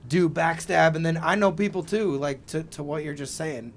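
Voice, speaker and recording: A man's voice: fairly high pitch, normal speed, a little hiss or hum. A man hosting a casual podcast interview, talking in an emphatic, chatty way and backing up his guest. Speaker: podcast host.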